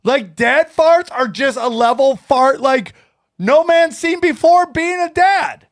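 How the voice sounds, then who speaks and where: A middle-aged man hosting a podcast, loud and rambling as he tells crude comic stories. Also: very high voice, takes it slowly, dry recording, studio quality. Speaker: podcast host. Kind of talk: casual comedic chat.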